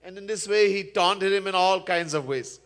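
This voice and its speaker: With a high, slightly bright voice at a moderate pace, a swami preaches in a Hindu temple, earnestly recounting a scripture story and chanting verses. The sermon storytelling echoes through the temple hall.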